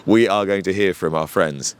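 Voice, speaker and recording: A man hosting a racing podcast outdoors at the course, bantering quickly and stumbling over his words. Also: deep voice, a little hiss or hum. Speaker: podcast host. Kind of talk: casual chat. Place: outdoors at a racecourse.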